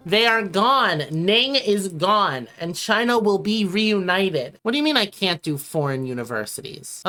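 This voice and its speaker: A woman's voice: lowish voice, a bit bright. A woman giving casual commentary over a strategy game, joking and rambling and swearing freely as she plays. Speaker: gaming video creator.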